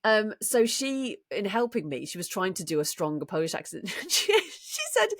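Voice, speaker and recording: A woman who co-hosts a podcast and works as a voice actor chats casually about voice acting, explaining things enthusiastically and restarting often. Her medium-pitched voice is expressive and a little bright, with normal speed and few pauses. The studio-quality recording is dry.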